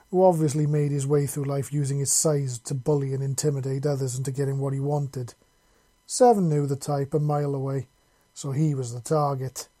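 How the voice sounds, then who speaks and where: A man reading fan fiction aloud in a casual, expressive way. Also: mid-range voice. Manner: casual, expressive, crude words. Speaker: reader.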